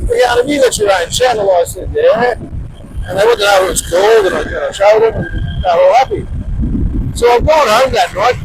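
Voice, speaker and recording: A man with an Australian accent telling a rambling story to camera as a vlogger, with loud emphatic bursts. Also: high-pitched, wildly swooping pitch, normal speed, gravelly. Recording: street noise and traffic behind.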